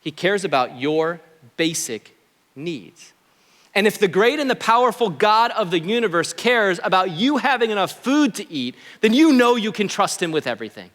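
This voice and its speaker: A man's voice: high-pitched, sing-song, a little fast, hardly any pauses, a bit bright, long reverb tail. A man preaching a sermon as pastor, conversational, with asides to the congregation, in a church sanctuary.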